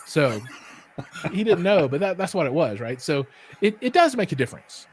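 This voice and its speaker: Man, slightly higher voice, chatty livestream co-host, animated storyteller who acts out what people said, lots of "um" and "you know". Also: normal speed, a little hiss or hum. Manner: animated storyteller, acts out quotes, many fillers. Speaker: podcast co-host. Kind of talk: casual live-stream chat.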